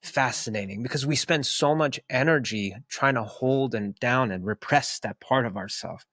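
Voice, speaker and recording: A man's voice: medium pitch, normal speed, a bit bright, no room sound, studio quality. A man co-hosting a podcast, speaking earnestly and reflectively, repeating words for emphasis. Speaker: podcast co-host. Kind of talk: reflective casual conversation.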